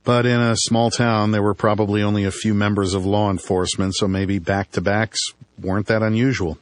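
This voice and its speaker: A man's voice: on the low side, flat delivery, brisk, dry recording. A man narrating a first-person audiobook with dry, wry storytelling.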